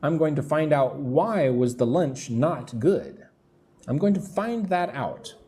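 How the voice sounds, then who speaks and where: A man teaching a live English lesson, who explains words slowly and checks in with the class, with construction noise near his room. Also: on the high side, big pitch swings, mellow. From lives in Vietnam.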